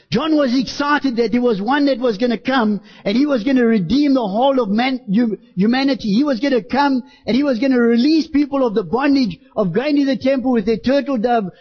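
A man preaching a sermon in a church, impassioned and breaking into shouts as he acts out street preaching. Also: sits high, husky. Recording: dull lo-fi church recording.

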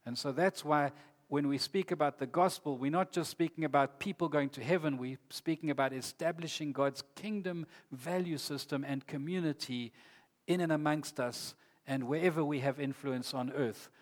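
A man's voice: a little high, normal speed. A man preaching a sermon in an earnest, emphatic way, reading scripture aloud. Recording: long hall reverb.

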